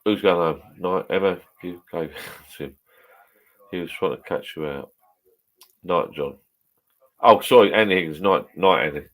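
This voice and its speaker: A very deep-voiced man vlogger chats with live viewers during a casual live stream from his home garden bar shed. He swears freely and rambles in a chatty way, keeping a measured pace with long pauses.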